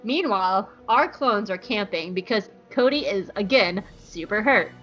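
A woman's voice: medium pitch, lively intonation, normal speed, fairly bright tone, highs cut off, faint music behind. A woman podcast host giving a casual, sarcastic and playful episode recap. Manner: sarcastic and playful, jumps into voices.

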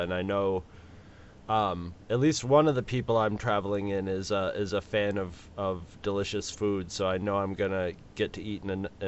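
A man co-hosting a casual podcast, relaxed and halting, often repeating words as he talks. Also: low-pitched, muffled recording, slight background noise. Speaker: podcast co-host.

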